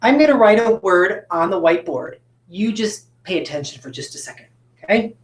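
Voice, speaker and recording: A woman teaching a recorded phonics lesson at a whiteboard, talking to students with encouraging, drawn-out questions. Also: mid-range voice, animated, echoey room. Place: classroom with a whiteboard.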